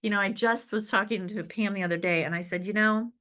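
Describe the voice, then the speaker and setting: A woman's voice: mid-range voice, steady tone, quick pace, pushed and bright. A woman giving an upbeat motivational talk to a sales team, chatting casually and often checking in with "right?". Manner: conversational and upbeat, with frequent "right?" asides and laughs; acts out remembered conversations.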